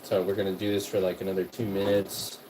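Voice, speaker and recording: A man's voice: sits low, level tone, fast, heavy background noise. A man hosting a livestream, rambling, profane and repetitive as he tells stories while cooking in his kitchen. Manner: rambling, profane, repeats himself. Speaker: music producer and livestream host. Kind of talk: casual storytelling livestream.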